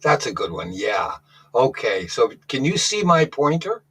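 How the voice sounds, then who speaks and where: A man's voice: medium pitch, big pitch swings, measured pace, a bit bright, breathy edge, rough recording. A man calling in to a talk show, telling a rambling story in a casual way, often restarting his sentences. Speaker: caller.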